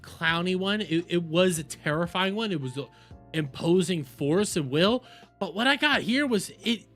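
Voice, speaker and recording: A man's voice: sits high, bright, forceful tone. A young adult man giving profane, rambling reaction commentary as a video host.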